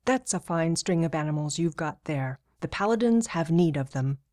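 A woman voicing a blunt senior officer, brisk and matter-of-fact. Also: low-pitched, lively intonation, dark tone.

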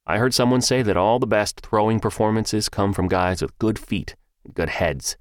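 A man narrating a first-person story in an audiobook, with measured, even storytelling. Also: fairly low pitch, no echo, clean studio sound.

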